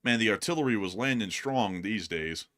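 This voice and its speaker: A man with a lowish voice at normal speed co-hosts a casual news commentary stream, making jokes over war video clips. He's animated, laughs, and keeps slipping into silly voices.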